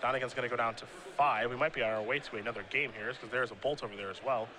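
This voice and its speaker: A man calling a live game play-by-play in a relaxed, conversational way. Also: medium pitch, very fast, crowd noise. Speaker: play-by-play commentator.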